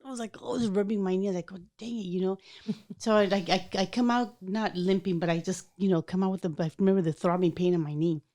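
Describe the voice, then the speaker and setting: A woman hosting a podcast, chatting casually and telling a personal story in an animated way, acting out the voices of people in it. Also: medium pitch, quick pace. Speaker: podcast host.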